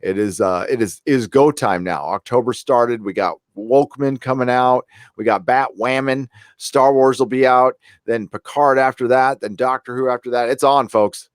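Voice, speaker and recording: A man's voice: medium pitch, normal speed, hardly any pauses, clear, resonant tone. A man hosting a live stream from his home desk, talking in a blunt, fired-up way to rally his viewers. His voice sits in the middle of the male range, and the sound is close and completely dry, with no room echo. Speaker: livestream host. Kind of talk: casual live-stream chat.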